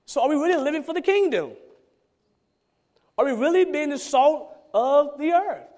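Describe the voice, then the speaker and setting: A man's voice: extremely high pitch, animated, moderate pace, a little mellow. A man, a pastor, preaching a sermon with emphatic repetition and rhetorical questions.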